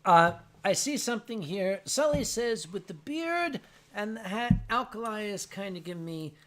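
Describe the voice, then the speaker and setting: A man's voice: high-pitched, expressive, normal speed, a bit bright. A man hosting a casual drinking show, joking and slipping into mock foreign words. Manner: joking, slips into mock German and chanting. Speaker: host.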